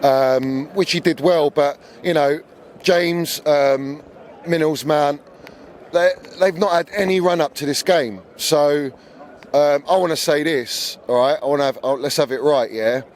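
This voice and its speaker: A man's voice: on the high side, measured pace, a little hiss or hum. A man giving his blunt, opinionated view of a lost match as a fan being interviewed outdoors. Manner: blunt, opinionated, building to anger. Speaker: football fan guest. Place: outdoors on a city street.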